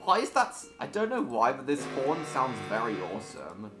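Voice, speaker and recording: A man's voice: medium pitch, big pitch swings, moderate pace, over music. A man hosting a casual gaming live stream, chatting playfully with his viewers. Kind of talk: casual chat while gaming.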